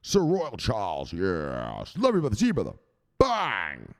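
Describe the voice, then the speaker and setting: A man hosting a crypto news livestream, chatting with viewers in a loud, profane, excitable way. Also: fairly low pitch, measured pace. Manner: profane, excitable, shouting "bang!" often.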